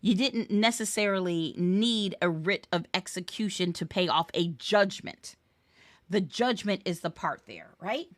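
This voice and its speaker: A woman's voice: on the low side, a little slow, no echo. A woman tutoring real estate exam questions in a live webinar, playful and chatty. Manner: playful, chatty, sings snippets and cheers.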